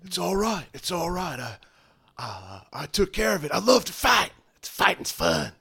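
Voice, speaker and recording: Man voicing a cocky young swordsman for a tabletop game, easygoing and a little high. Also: huge pitch swings, normal speed, vocal fry, pushed and bright, slightly rough, full character voice. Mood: breezy.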